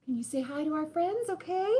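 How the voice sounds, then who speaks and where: Talking straight to the kids during a live lesson, this children's show host is expressive, full of exclamations and sighs. She has a high voice and speaks fairly quickly.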